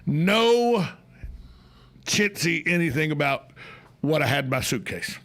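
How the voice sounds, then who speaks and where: A man's voice: a little high, lively intonation, measured pace, fairly bright tone. A man hosting a radio talk show, telling travel stories in casual rambling chat. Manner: storytelling, rambling with restarts.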